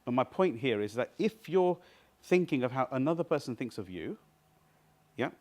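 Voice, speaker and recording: A man's voice: mid-range voice, animated, moderate pace, a little mellow. A man leading a live workshop, teaching a small group in an interactive way and often checking that they follow. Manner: interactive, keeps checking with the audience. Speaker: seminar trainer. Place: seminar room with a small group.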